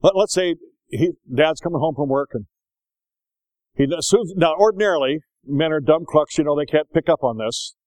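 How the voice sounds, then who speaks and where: An older man preaching a sermon in a folksy, animated storytelling way, slipping into voices as he tells stories. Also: a little high, normal speed, no echo, rough recording.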